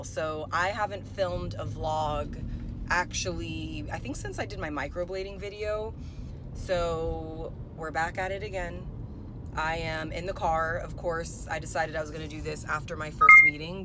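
A woman's voice: on the low side, sharp tone, a little hiss or hum. A young woman in her twenties, congested from a cold, chatting casually to her phone camera in a car and saying "like" and "y'all" a lot. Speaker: vlogger. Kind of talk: casual vlog chat. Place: in a parked car.

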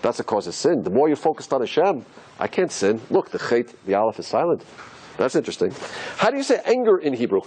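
A man's voice: mid-range voice, big pitch swings, fast, darkish tone, a little hiss or hum. A man teaching as a rabbi, asking rhetorical questions and musing aloud as he explains letters on a board. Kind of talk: teaching lecture.

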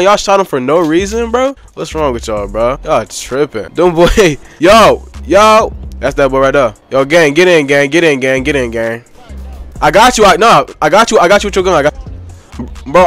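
Excitable young man doing game commentary. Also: fairly high pitch. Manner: excitable, slangy, chatty with other players. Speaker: gaming YouTuber. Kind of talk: gameplay commentary and voice chat.

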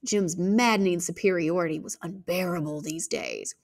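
A woman reading a novel aloud, expressive, shifting her pace and volume. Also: lowish voice, moderate pace, creaky, hardly any pauses. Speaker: audiobook reader.

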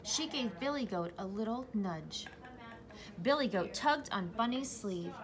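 A young woman who teaches preschool, reading a picture book aloud to young children in a slow, encouraging way. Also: fairly high pitch, expressive, a crowd in the background. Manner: slow, sing-song, encouraging.

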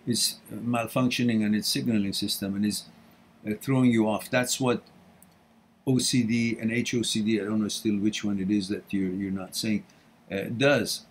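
A man's voice: fairly low pitch, little pitch movement, normal speed, slight background noise. A middle-aged man hosting a live question and answer stream, talking casually and laughing often. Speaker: host. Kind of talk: live Q&A talk.

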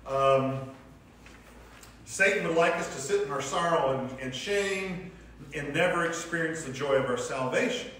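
A man teaching a church class, talking in a loose, conversational way and asking questions of the room. His voice sits a little higher than most men's. It was recorded from a distance in a very echoey room with a faint hiss under it. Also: measured pace, fairly bright tone. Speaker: Sunday school teacher. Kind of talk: church class lesson with discussion.

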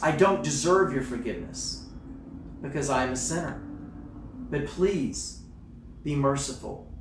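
A male pastor delivering a sermon, swinging between hushed, slow phrases and loud, emphatic exclamations. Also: mid-range voice, slight background noise. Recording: roomy, distant mic with faint ambience.

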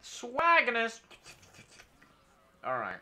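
A man's voice: very high voice, wildly swooping pitch, very slow, pushed and bright. A man streaming a video game, talking casually and joking in a rambling, mock-patriotic way. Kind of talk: casual gameplay commentary.

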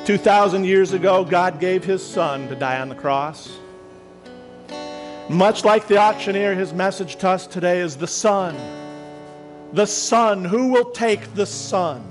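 A man preaching a sermon as a minister, telling a story dramatically and slowing down for emphasis. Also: sits high, faint music behind, low-quality recording.

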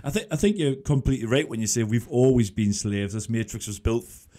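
A man in his forties hosts a podcast in a relaxed, casual way. He agrees readily and laughs easily as he talks. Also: medium pitch, a little fast. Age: 40s. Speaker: podcast host.

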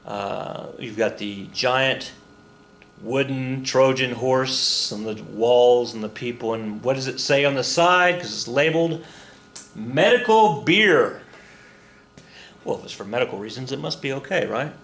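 A man's voice: medium pitch, normal speed, vocal fry, fairly bright tone. A middle-aged man from Oklahoma, a history teacher giving a casual recorded lecture, chatty, with joking asides and many fillers and restarts.

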